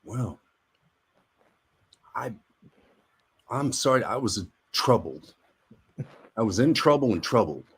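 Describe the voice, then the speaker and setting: A man's voice: medium pitch, takes it slowly, pauses often, breathy edge. A middle-aged man, a guest actor, telling rambling stories in casual chat and acting out the quotes. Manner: rambling, animated storyteller, acts out quotes. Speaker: guest, actor and army veteran.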